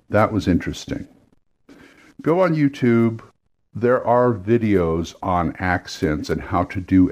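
A man's voice: low voice, a little mellow. A man who runs role-playing games gives casual, rambling advice on doing voices and accents, often restarting his sentences. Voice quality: rambling, with restarts and quick demos of impressions and accents. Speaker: game master.

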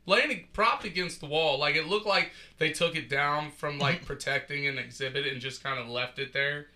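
Bright-voiced man with joking asides. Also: a little high, moderate pace. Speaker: podcast co-host. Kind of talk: casual chat.

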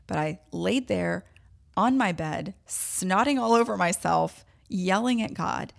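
A woman's voice: on the low side, normal speed, creaky. A woman hosting a podcast, telling a personal story in a candid, emotional way with self-deprecating laughs. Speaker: podcast host.

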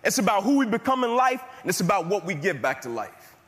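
A passionate male motivational speaker whose voice sits high and rolls through rhythmic, repeated phrases. His words ring out with a long hall reverb trailing behind them. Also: big pitch swings, quick pace, a bit bright. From United States. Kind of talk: motivational speech with storytelling.

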